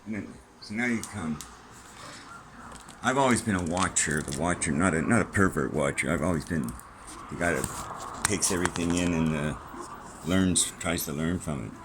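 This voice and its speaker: A man's voice: low voice, moderate pace, long pauses, noisy background. A middle-aged man rambling casually and profanely in a vlog from a small room at home, jumping from topic to topic. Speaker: vlogger.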